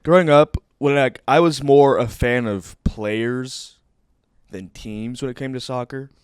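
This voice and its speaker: A man's voice: mid-range voice, unhurried, clear, resonant tone, dry recording, clean studio sound. A young man cohosting a casual sports chat, talking in an easygoing, offhand way. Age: young adult.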